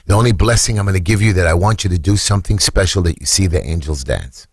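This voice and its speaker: Husky-voiced New man telling a story. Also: quick pace, dry recording, clean studio sound. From Brooklyn, New York. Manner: dramatic retelling, voice leaping high when acting out screams. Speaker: council candidate. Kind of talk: emotional storytelling on radio.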